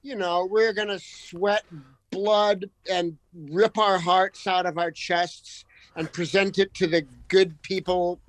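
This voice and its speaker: A man's voice: high voice, level tone, takes it slowly, no room sound, rough recording. A man guest on a radio show, talking earnestly and passionately, piling phrase upon phrase. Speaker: musician guest. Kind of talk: casual radio interview. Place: radio studio. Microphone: studio microphone.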